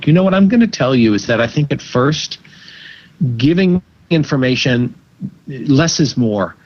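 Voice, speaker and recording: A man appears as a psychologist guest in an interview, answering with measured advice and often repeating words as he thinks. His voice is medium-pitched, animated, and darkish in tone, and the audio sounds dull.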